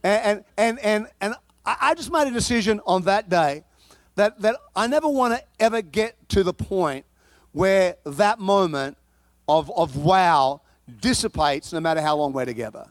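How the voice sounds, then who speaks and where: High-voiced man preaching with comic storytelling. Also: normal speed, no echo. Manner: animated, comic storytelling with frequent repetitions and restarts. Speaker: pastor. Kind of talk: sermon with personal storytelling.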